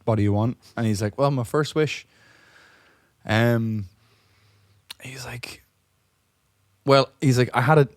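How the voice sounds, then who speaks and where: A man's voice: medium pitch, slow pace, long pauses, dry recording, studio quality. A hungover man casually telling a long joke with lots of swearing, laughing at his own punchlines. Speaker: podcast co-host.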